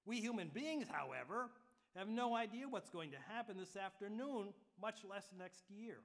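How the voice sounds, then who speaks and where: A man's voice: sits high, lively intonation, normal speed, fairly bright tone. A man preaching a sermon in a conversational way, checking in with his listeners and adding light humor. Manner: conversational preaching with frequent "okay?" check-ins; light humor woven into teaching. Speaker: pastor.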